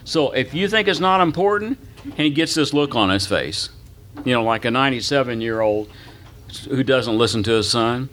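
A man's voice: mid-range voice, lively intonation, moderate pace, fairly bright tone, slight background noise. An older man teaching a Bible class as pastor, folksy and chatty, quizzing his listeners and telling anecdotes. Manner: folksy, asks the audience questions, tells anecdotes.

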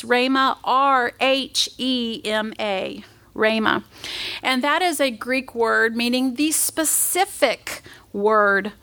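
A woman's voice: high-pitched, fairly bright tone. A woman giving a sermon, earnest and emotional, at times dropping to a near whisper and tearful. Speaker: pastor's wife preaching.

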